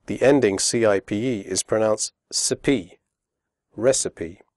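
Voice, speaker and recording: British male teacher, low-ish voice, very slow and careful, dry close studio read. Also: darkish tone, no echo. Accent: British English. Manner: slow, deliberate, modelling sounds clearly for learners. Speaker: English pronunciation teacher. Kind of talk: scripted instructional narration.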